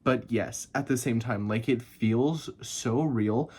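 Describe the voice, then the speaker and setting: A man chatting casually about books he loved, gushing and excitable, laughing and swearing a lot, and a bit tired. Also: mid-range voice, slow pace, breathy edge. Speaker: book reviewer. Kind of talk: casual chat.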